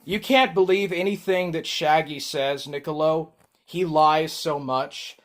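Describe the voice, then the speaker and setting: Slow, rambling male streamer. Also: on the high side, steady tone. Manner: rambling, slow, with frequent ums. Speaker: livestreamer. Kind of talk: casual livestream chat.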